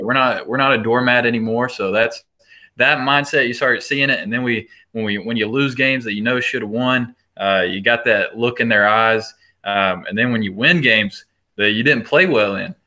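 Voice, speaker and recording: A man who works as an assistant baseball coach, telling stories in a casual interview, chatty and animated, laughing between restarts. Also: mid-range voice.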